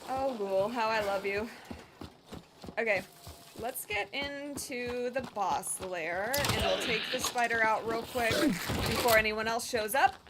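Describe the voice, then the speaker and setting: A woman's voice: a little high, measured pace, very noisy. A woman streaming a shooter game, chatting casually, laughing often and swearing freely. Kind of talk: casual gameplay commentary. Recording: loud game sounds behind.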